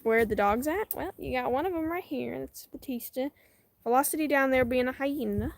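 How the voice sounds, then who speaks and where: Chatty woman, high voice, outdoors. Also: fairly quick, gravelly. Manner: chatty and laughing, cooing at dogs. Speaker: dog breeder filming her dogs. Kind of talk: casual chat, reading viewer comments aloud. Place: outdoors in a rural yard. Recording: noisy outdoor phone audio.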